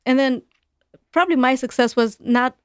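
A woman who speaks English as a second language, chatting as a podcast guest in an animated way with many restarts. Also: high voice, normal speed, smooth, dry recording, clean studio sound. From Eastern Europe. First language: not English. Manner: animated, restarts often, acts out quoted voices. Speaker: guest, company founder. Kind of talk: casual podcast chat.

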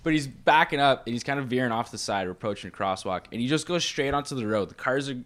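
A young man from Canada co-hosts a casual podcast in a middle-pitched voice. He tells stories with plenty of swearing, laughing as he goes and acting out quoted lines. His talk is loose and chatty. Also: expressive, quick pace, fairly bright tone. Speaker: podcast co-host. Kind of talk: casual profane chat.

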